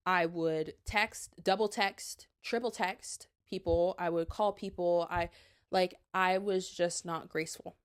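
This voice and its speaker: A woman's voice: fairly low pitch, fairly even intonation, a little slow, clear, resonant tone. A woman in her twenties hosting a solo podcast, chatting earnestly and handing out advice with lots of likes and restarts. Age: 20s. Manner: urging, advice-giving. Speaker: podcast host. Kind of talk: casual solo podcast talk.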